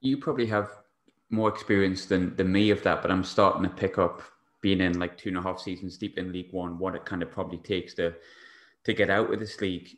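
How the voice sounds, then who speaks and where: A man hosting a podcast, asking questions in a relaxed, hedging way. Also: deep voice, fairly quick. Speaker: podcast host. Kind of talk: casual podcast interview. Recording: echoey room.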